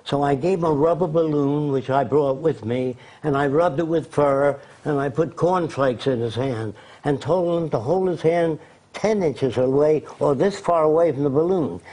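An older man answers interview questions by telling long, blunt stories. His voice is husky and a little high, and he is plain-spoken and anecdotal. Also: normal speed, warm tone. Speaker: interview guest, designer. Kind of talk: storytelling in an interview.

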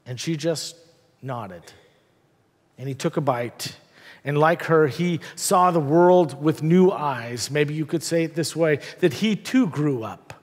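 A male pastor preaches in a church, retelling the story with dramatic pauses and the odd wry aside. His voice sits a little high for a man. A long reverb hangs on each line. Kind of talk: sermon. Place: church sanctuary.

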